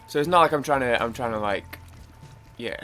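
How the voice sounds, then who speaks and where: A man's voice: mid-range voice, expressive, fairly quick, a bit bright, faint music behind. A man chatting casually while playing a video game, rambling, restarting his sentences and swearing now and then. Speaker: gaming YouTuber. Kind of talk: casual let's-play chat.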